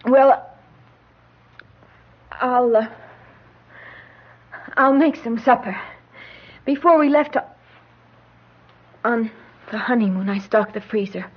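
An actress playing a nervous, sharp-tongued young bride who turns from bitter sarcasm to frightened whispers. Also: female voice, on the high side, takes it slowly, pauses often, slightly rough. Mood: fond. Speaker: newlywed wife. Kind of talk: dramatic dialogue acting. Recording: muffled vintage recording with faint hiss.

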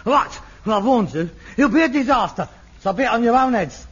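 An actor playing a grumpy, indignant working-class son. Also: male voice, very high voice, expressive, fairly quick, a bit bright, breathy edge, heavily acted. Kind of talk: sitcom acting. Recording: dull lo-fi old TV recording.

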